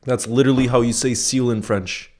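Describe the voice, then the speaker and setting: A young man hosting a live football watchalong, chatting casually with his viewers and bursting into loud shouts when his team scores. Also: mid-range voice, steady tone, a little fast. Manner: laid-back, chats with viewers, then erupts into loud shouting at goals. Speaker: football fan streamer. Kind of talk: live watchalong commentary and chat.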